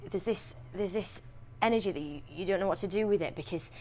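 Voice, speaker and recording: A young woman with a Yorkshire accent, chatting in an interview as an actress, talking freely with restarts and quick laughs. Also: medium pitch, mellow, slight background noise. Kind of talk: casual interview chat.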